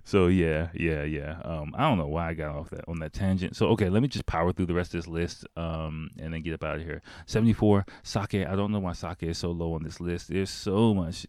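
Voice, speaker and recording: Deep-voiced man rambling through a story. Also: steady tone, moderate pace, darkish tone, dry recording, clean studio sound. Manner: rambling, filler-heavy, swears casually. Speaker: podcast host. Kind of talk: casual storytelling monologue.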